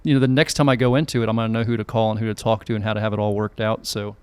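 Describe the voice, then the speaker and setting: Smooth-voiced chatty middle-aged man. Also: on the low side, flat delivery, very fast, dry recording. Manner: chatty, rambling with restarts. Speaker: podcast host. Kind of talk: casual chat.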